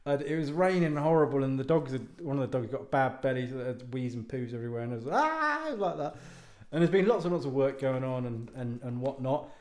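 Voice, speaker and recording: A man's voice: medium pitch, lively intonation, quick pace, a little mellow. A man talking casually to viewers at home, rambling off on tangents, mocking himself and swearing now and then. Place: home lounge. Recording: roomy echo.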